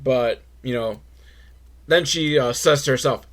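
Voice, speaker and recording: A man's voice: medium pitch, unhurried. A man hosting a comedic podcast, recapping a film with sarcastic, rambling asides. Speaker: podcast host.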